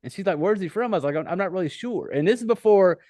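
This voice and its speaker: A man's voice: high-pitched, lively intonation, quick pace, darkish tone, dry recording. A man with a Southern US accent hosting a podcast interview, chatty, laughing often and swearing freely. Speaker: podcast host. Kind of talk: casual interview chat.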